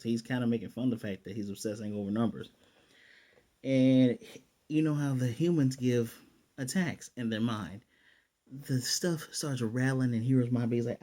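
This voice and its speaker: A man's voice: mid-range voice, moderate pace, mellow. A man recapping and reviewing an anime episode in a casual, rambling way, often mocking what he describes. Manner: sarcastic, mocking, rambling with restarts.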